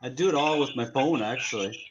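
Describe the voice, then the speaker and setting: A man's voice: medium pitch, fairly quick, muffled recording, a little hiss or hum. A man talking as a guest on a livestream, friendly and explaining his process at length. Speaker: guest stop-motion creator. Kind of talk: casual livestream chat.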